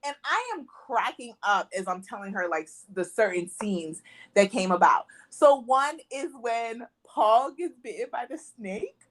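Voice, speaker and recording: Lively chatty woman retelling movie scenes. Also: fairly high pitch, measured pace. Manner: animated storyteller, acts out quotes, laughs often. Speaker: podcast co-host. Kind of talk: casual movie review chat.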